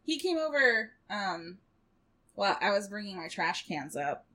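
A woman co-hosting a casual podcast chat from her bedroom, upbeat and quick to react. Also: mid-range voice, very animated, bright, forceful tone. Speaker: podcast co-host. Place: home bedroom.

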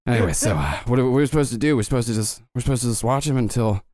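A man voicing a grumbling male henchman guarding a captive, speaking low and unsure, on a dry close mic. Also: expressive, racing, a little mellow, dry recording, lightly acted. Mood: nervous, grumbling.

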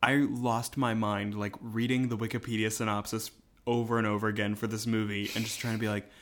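A man's voice: fairly low pitch, level tone, fairly quick. A man co-hosting a podcast in casual chat, rambling with lots of fillers. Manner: rambling, filler-heavy, chuckles often. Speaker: podcast co-host.

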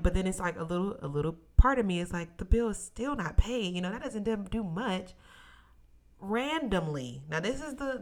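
Young woman podcaster, casual storytelling, bright tone, emotional, talks straight to listeners. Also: lowish voice. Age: young adult. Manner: emotional, near tears, testimony-like; animated, addresses listeners as y'all. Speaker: podcast host.

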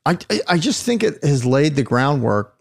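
Gravelly middle-aged man, rambling host. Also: a little high, sing-song, normal speed. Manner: rambling, restarts, playful teasing. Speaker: podcast host. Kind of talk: casual chat.

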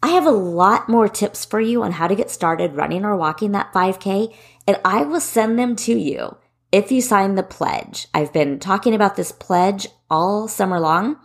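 A woman's voice: mid-range voice, lively intonation, normal speed. A woman in her forties hosting a solo podcast, giving running tips in a direct, encouraging way. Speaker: podcast host and running coach.

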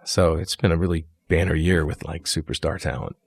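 A man's voice: very deep voice, brisk, vocal fry, breathy edge, dry recording. A man from New York, an actor, chatting in an interview and acting out the lines he quotes. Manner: animated storyteller, acts out quoted lines. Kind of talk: casual interview chat.

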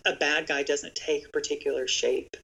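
A conversational storyteller with a gravelly, creaky edge on the voice. The guest speaks earnestly and addresses listeners directly while sharing safety advice for real estate agents. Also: medium pitch, level tone, moderate pace, sharp tone, rough recording.

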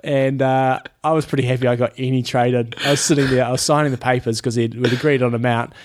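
Chill kiwi radio dude, dry replies, easy mid voice. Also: male voice, mid-range voice, fairly even intonation, fast talker. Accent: New Zealand. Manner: laid-back, dry. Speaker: radio co-host. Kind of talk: casual banter.

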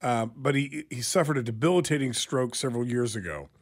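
A man's voice: mid-range voice, fairly quick. A man hosting a radio show, leading the talk and telling stories in a chatty way. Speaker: host. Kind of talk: casual radio show banter.

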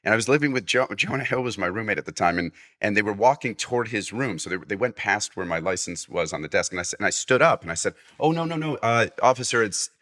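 Low bright-voiced man telling a story. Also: fast talker, few pauses. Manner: rambling with restarts and acted-out quotes. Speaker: guest. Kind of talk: casual storytelling.

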